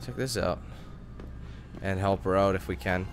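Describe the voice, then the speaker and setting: Young dude ranting and cursing through a let's play, lowish voice, faint music behind. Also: male voice, fairly even intonation. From Canada. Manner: chatty, quick to curse and rant. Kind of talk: casual gameplay commentary.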